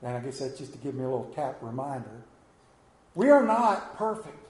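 A man's voice: mid-range voice, sing-song, a little fast, darkish tone, roomy sound, rough recording. A man preaching a sermon as pastor, telling stories with rising and falling emphasis.

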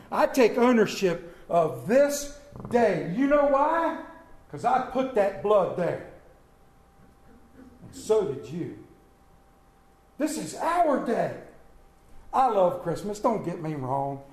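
A man preaching an Easter sermon in a folksy way, swinging between loud calls to the congregation and quiet asides. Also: high voice. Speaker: pastor. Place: church sanctuary. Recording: echoey church room.

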